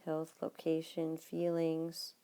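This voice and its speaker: A woman teaching Spanish, explaining grammar notes patiently and speaking straight to her students, sometimes dropping to a quiet murmur as she writes. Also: completely flat delivery, slow, clean tone. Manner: drops to a low, near-whispered aside while writing. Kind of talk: recorded classroom lesson notes.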